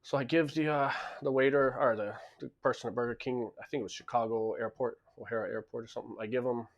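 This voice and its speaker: Club owner, male, mid-pitched, rapid-fire rasp, blunt straight-talking storyteller. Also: fairly even intonation, dull audio. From lives in Japan. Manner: blunt, emphatic, repeats himself mid-sentence. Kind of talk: casual storytelling monologue.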